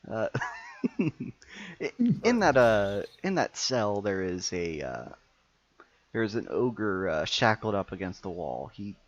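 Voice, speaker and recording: A man running a tabletop game as game master, with a lower voice that swings widely in pitch. He narrates slowly, pausing on fillers. The sound is dull and lo-fi, like an online voice chat. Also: sing-song, dry recording. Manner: hesitant, filler-heavy narration.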